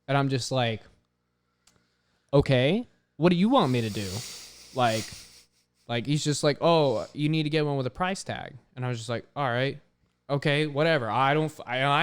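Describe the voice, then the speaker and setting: A young man, a podcast host, telling a story in casual chat, animated, swearing often and filling his talk with "like". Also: on the high side, slight background noise.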